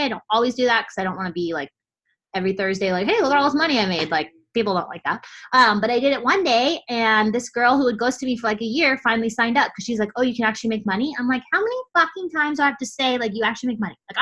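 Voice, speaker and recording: A woman's voice: on the high side, sharp tone, low-quality recording. A woman coach giving a motivational team training talk, fired up and blunt, casual with swearing and lots of "like" fillers.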